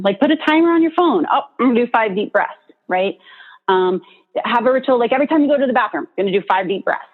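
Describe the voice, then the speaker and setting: A woman giving an informal, encouraging talk on coping with stress, chatty and full of "right?" tags. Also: a little high. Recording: tinny phone-like line.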